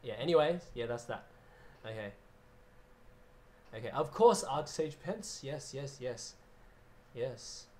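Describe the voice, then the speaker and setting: A man's voice: mid-range voice, animated, slow pace, pauses often, darkish tone. A man hosting a casual piano livestream, chatting loosely, reading out viewer names and laughing often. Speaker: livestream host and pianist.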